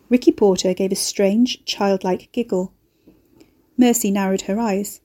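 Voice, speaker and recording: A woman narrating a dark fantasy story in an expressive audiobook reading. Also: medium pitch, normal speed.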